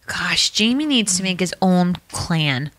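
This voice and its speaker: A woman co-hosting a casual podcast, retelling scenes in an animated and playful way. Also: lowish voice, measured pace, no echo. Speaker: podcast co-host.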